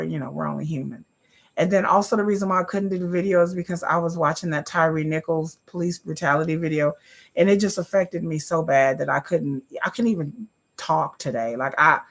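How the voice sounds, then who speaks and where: A woman's voice: low-pitched, vocal fry, a bit bright. A woman, chatting casually to her livestream viewers and calling them y'all. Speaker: livestream host.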